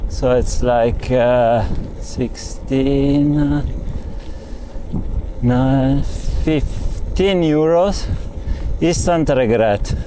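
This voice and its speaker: Hot and worn out, this Italian-accented man on a cycling tour talks to the camera at outdoor ruins, complaining and cursing in a relaxed travel-vlog style. His voice is medium in pitch and dark in tone, and he speaks very slowly over slight background noise.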